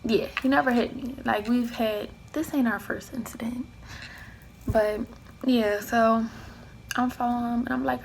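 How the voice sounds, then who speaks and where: A young woman vlogger casually tells a personal story to the camera, acting out both sides of an argument. Her slightly high voice has a gravelly edge, a darkish tone, fairly even intonation and normal speed. The low-quality recording has a faint hiss of background noise underneath.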